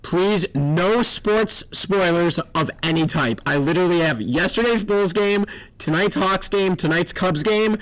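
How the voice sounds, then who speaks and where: A man co-hosting a casual comics chat on a live stream, jokey and excitable, prone to loud laughs. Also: high voice, a little slow, no echo, low-quality recording. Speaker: co-host.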